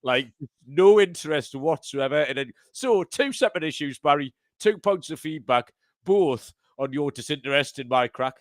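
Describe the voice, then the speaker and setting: A podcast host with a slightly high, lively voice at a moderate pace chats casually, amused by his own banter. The studio sound is clean, with no echo.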